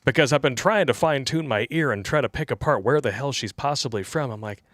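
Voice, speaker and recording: A man's voice: medium pitch, fast talker. A man co-hosting a casual livestream, reading donations aloud and joking bluntly with crude humor.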